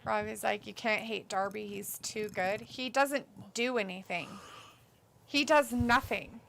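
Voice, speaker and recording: A woman's voice: mid-range voice, unhurried, vocal fry, a bit bright, a little hiss or hum. A woman co-hosting a live stream, chatting casually, bluntly dismissive as she reads viewer comments aloud. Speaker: co-host of a wrestling watch-along stream.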